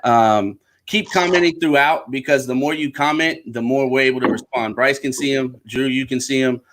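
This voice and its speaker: A man's voice: mid-range voice, normal speed, a bit bright, slight background noise. Earnest man hosting a podcast. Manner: thoughtful, repeats "right?" often. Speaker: podcast host. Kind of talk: earnest discussion.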